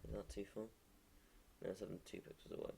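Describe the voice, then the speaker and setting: A man's voice: low-pitched, huge pitch swings, quick pace, vocal fry, mellow, a little hiss or hum. A man streaming live as a game developer, thinking aloud in a hesitant, muttering way and correcting himself as he draws pixel art at his computer.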